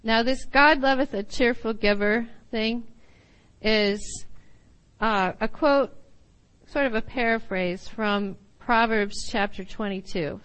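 A woman teaching a sermon, reading scripture aloud and then explaining it, with laughs and quick asides. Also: medium pitch, fairly bright tone, rough recording. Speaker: Bible teacher.

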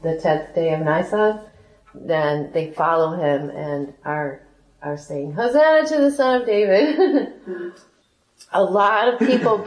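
A woman reading scripture aloud and explaining it in an animated way, laughing often as she teaches. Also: sits low. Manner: animated, laughs often, acts out quoted voices. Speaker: Bible study teacher. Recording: roomy echo.

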